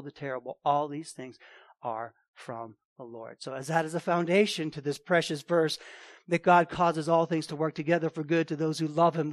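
Emphatic high-voiced male preacher. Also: no room sound. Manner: emphatic, repeats key phrases, swings from loud to hushed. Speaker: pastor. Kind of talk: sermon.

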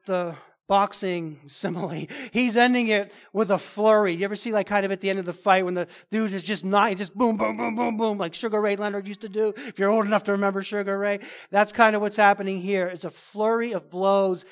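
A pastor giving an expository sermon, emphatic and conversational, repeating phrases for stress. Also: male voice, high voice, steady tone, brisk, hardly any pauses, clean tone.

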